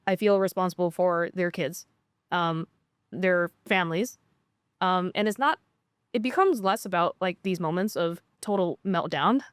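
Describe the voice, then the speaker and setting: A woman's voice: fairly low pitch, measured pace, clear, resonant tone, no echo. A woman founder in casual conversation, talking earnestly and reflectively with frequent "um" fillers. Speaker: startup founder.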